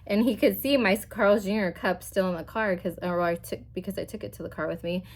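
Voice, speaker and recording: Woman, 40s beauty vlogger, rambling storyteller, mid pitch, everyday at-home chat. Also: steady tone, a little fast. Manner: rambling and chatty, full of "like" and "I'm like". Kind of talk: casual storytelling while getting ready.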